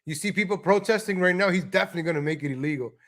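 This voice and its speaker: High-voiced ranting New man. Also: very fast, fairly bright tone. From New York. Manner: heated, mocking, profane rant. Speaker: live stream host. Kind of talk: live stream commentary over a video.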